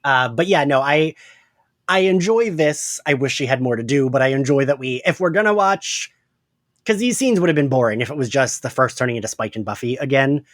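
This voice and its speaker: A man co-hosting a fan podcast, chatting excitedly and laughing often, with lots of fillers. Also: mid-range voice, fairly quick, no room sound. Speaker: podcast co-host. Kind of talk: casual fan podcast chat.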